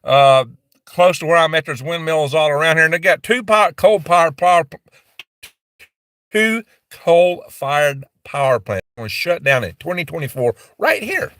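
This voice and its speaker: A man's voice: on the high side, normal speed, fairly bright tone, dry recording, clean studio sound. A man hosting a live stream and ranting heatedly, mocking others in put-on voices. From American West. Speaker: channel host.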